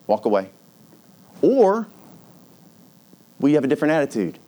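Middle-aged man, pastor, lively sermon storyteller with a higher-pitched voice who acts out the voices of the people in his stories. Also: moderate pace. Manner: animated storytelling, acting out voices of people with big pitch swings.

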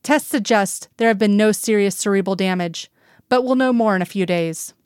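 A woman's voice: medium pitch, moderate pace, darkish tone, clear, resonant tone, dry recording, clean studio sound, natural voice. A woman voicing a loyal, resolute female FBI agent who speaks firmly and evenly in a storybook reading.

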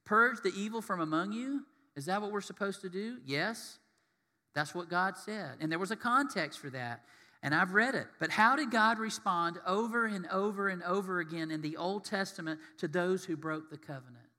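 Male pastor preaching, animated with rhetorical questions; high, bright voice, hall reverb. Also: normal speed. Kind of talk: sermon.

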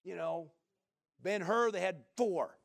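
A man preaching a sermon in a folksy, joking way, often asking the listeners "right?" and swinging from loud to soft. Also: sits high, slow, creaky.

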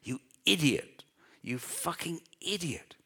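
A woman's voice: deep voice, big pitch swings, slow pace, slightly rough, pitched above the performer's own voice, heavily acted. A man voicing an angry middle-aged female judge who snaps out scornful retorts in an audiobook reading. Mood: furious. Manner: sharp, scornful outbursts.

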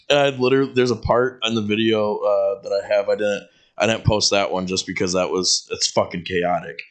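Lowish-voiced joking young man. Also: a bit bright. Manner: joking, breaks into laughter. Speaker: podcast co-host and stand-up comic. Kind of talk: casual chat.

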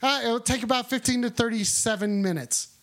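A man's voice: very high-pitched, brisk, fairly bright tone. A man taking a call who mocks and argues with the caller in a comedic bit. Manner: trolling, mocking, argumentative. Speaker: host taking calls.

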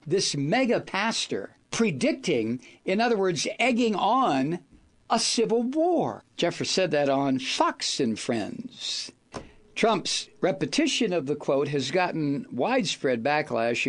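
A man's voice: on the high side, very animated, a little slow. Raised voice, swooping wildly up and down, this male talk radio host fumes and hurls insults at his targets. His delivery is theatrical and scornful. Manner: angry, insulting, theatrical ranting. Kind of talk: political talk radio rant.

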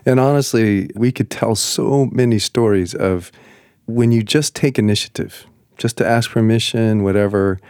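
Male host, low pitch, dry close sound, earnest, encouraging. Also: moderate pace, darkish tone, no room sound. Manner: earnest, encouraging, often affirms the guest with short replies. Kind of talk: casual talk show chat.

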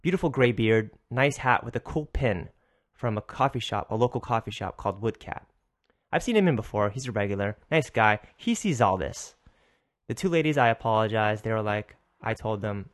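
Man, podcast host, casual storytelling, animated, swears often, mid-range voice. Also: mid-range voice, moderate pace. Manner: rambling and animated, with frequent swearing and restarts.

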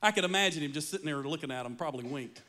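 A man preaching a sermon, telling stories with playful asides and animated delivery. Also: a little high, very fast, noisy background. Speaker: pastor.

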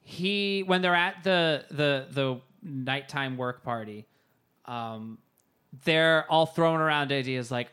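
Animated man chatting about a movie. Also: on the high side, slow, smooth. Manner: animated, acts out lines from the film. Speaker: podcast co-host. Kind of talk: casual chat reviewing a movie.

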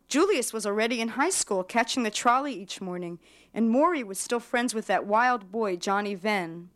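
A woman writer giving a measured literary reading of her own fiction. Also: fairly high pitch, animated, fairly bright tone.

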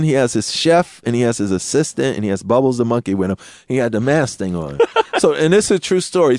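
New man, guest on a podcast, profane storyteller, lively swinging pitch, dry close sound. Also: no room sound. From New York. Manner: animated, profane, acts out voices in the story. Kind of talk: casual storytelling chat.

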